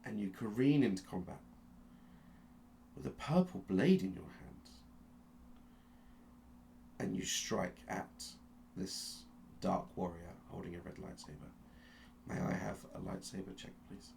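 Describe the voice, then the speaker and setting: A man narrating a tabletop game as game master, telling the story slowly and with suspense, often restarting his sentences. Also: sits low, expressive, creaky, a little mellow, slight background noise. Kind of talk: dramatic second-person narration of a tabletop game.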